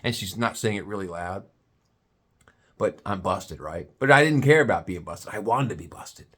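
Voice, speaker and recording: A man telling a comic story in a drawn-out, playful way. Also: fairly low pitch, slightly rough. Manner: animated, drawn-out comic buildup.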